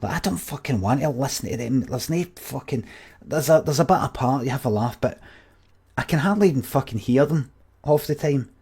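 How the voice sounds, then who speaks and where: A man's voice: mid-range voice, animated, a little fast, darkish tone, husky. A Scottish man in his forties, rambling and swearing as he tells a story to his viewers on a stream.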